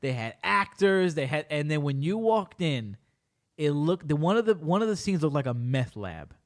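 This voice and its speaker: A young man hosting a casual podcast chat, telling stories in an animated, exaggerated way with plenty of swearing and mock-serious rants. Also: fairly high pitch, normal speed. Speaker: podcast host.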